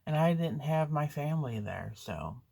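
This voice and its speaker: A woman vlogger telling a story to camera in a chatty, rambling, animated way. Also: low-pitched, moderate pace, vocal fry, slightly rough.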